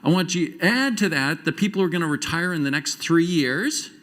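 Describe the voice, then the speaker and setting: A middle-aged man speaks from a conference stage, his pitch rising and falling freely as he tells stories. His delivery keeps jumping between loud, quick bursts and slow, quiet asides. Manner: animated storytelling with quick shifts in loudness and pace. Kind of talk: conference keynote talk. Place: conference stage before a live audience.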